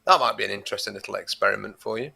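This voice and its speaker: Male co-host, gravelly and bright, hesitant, thinks out loud. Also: lowish voice, very fast. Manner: thinking aloud, repeats words while searching. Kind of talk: casual livestream chat.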